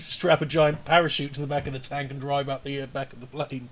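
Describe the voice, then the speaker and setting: A man's voice: mid-range voice, flat delivery, fairly quick, crowd noise. A man chatting and acting out his character as a player in a tabletop game. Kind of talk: joking tabletop chat.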